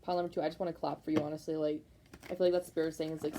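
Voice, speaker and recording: Racing along in a deep voice over background noise, a young woman does a casual tarot reading. She's repetitive and rambling, peppers her speech with "like," and pumps up the listener with emphatic, fired-up energy.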